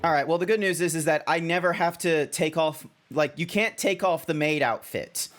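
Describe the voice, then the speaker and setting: A man's voice: a little high, normal speed, fairly bright tone. A young Australian man streaming as a VTuber, chatting casually and rambling with many restarts. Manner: rambling, self-correcting, chatty.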